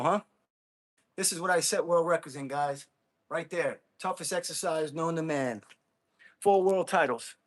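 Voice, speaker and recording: A man livestreaming a workout, talking to his chat between exertions, energetic and whooping, blunt with trolls. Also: a little high, measured pace. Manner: blunt and combative toward trolls. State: exerting himself while hitting a ball. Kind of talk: casual livestream chat while training.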